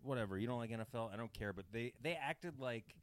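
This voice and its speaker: A man's voice: mid-range voice, fast. An American man hosting a comedy podcast, telling stories animatedly with lots of swearing. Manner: animated, profane, does accents. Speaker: podcast host. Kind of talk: comedic storytelling chat.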